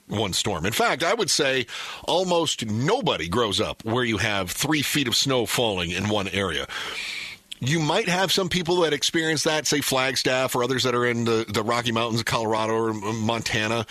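Lively, husky-voiced radio host. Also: male voice, medium pitch, no echo. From northern Michigan. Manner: rambling storyteller with many fillers. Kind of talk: casual chat.

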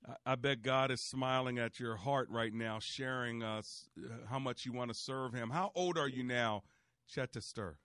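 A man's voice: mid-range voice, a little slow, fairly bright tone, smooth, no echo, studio quality. Earnest male radio preacher. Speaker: radio preacher and call-in host. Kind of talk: radio ministry talk with callers.

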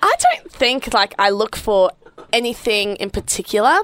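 A woman's voice: medium pitch, moderate pace. A young woman co-hosting a casual podcast chat, teasing and laughing often. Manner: giggly, animated, teasing. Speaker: podcast co-host.

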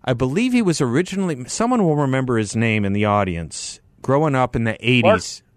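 A man's voice: medium pitch, animated, brisk, dry recording, clean studio sound. A man in his fifties hosting a call-in radio talk show, chatty, laughing often and commenting on the news he reads.

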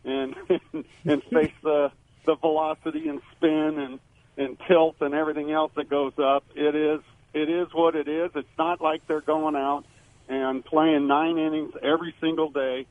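A man's voice: fairly high pitch, unhurried, gravelly, dry recording. Man on a tinny phone line. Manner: emphatic, rambling with frequent restarts. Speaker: former baseball player, radio guest. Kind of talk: sports radio call-in analysis.

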